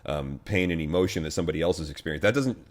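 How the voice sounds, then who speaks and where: A man's voice: a bass voice, fast. An American man, a pastor, talking casually to camera in a loose, wry way with plenty of fillers and restarts. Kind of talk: casual video commentary.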